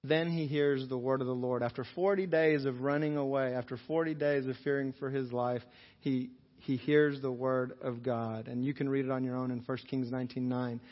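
A man's voice: mid-range voice, fairly even intonation. Male pastor preaching in a reverberant hall. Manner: earnest preaching, slowing for emphasis on key phrases. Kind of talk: sermon. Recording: dull lo-fi sound in a reverberant hall.

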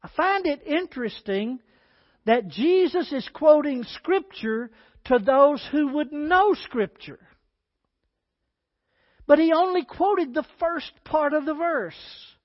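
High-voiced, deliberate male preacher. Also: no room sound, dull audio. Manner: deliberate, emphatic preaching with scripture readings. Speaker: pastor. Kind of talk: sermon.

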